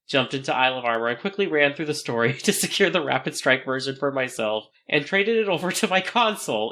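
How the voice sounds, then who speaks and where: A man co-hosting a casual podcast, reading a listener email aloud with jokey asides and frequent laughter. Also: a little high. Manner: animated, laughs often, breaks into jokey asides.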